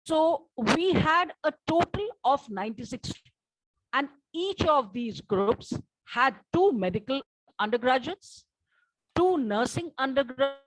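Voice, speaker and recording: A woman presenting her research study at a conference, speaking in a measured way and asking for the next slide. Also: high voice, lively intonation, dry recording, rough recording.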